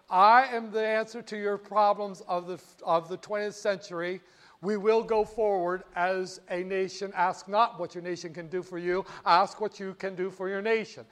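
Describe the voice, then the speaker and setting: An older man telling history in an informal, animated way, slipping into voices for the people he quotes. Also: high-pitched.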